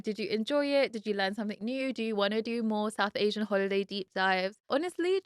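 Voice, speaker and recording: A woman's voice: mid-range voice, fairly bright tone, no echo, studio quality. A young British woman from the UK hosting a casual solo podcast, chatty and heartfelt, often saying "like". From United Kingdom. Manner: chatty and heartfelt, lots of "like" fillers. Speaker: podcast host.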